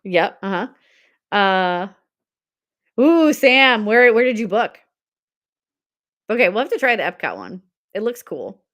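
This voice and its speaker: A woman's voice: medium pitch, sing-song, measured pace, long pauses, a bit bright. A woman in her forties hosting a live-stream sale, chatting casually, telling stories with frequent laughter and reading out viewer comments.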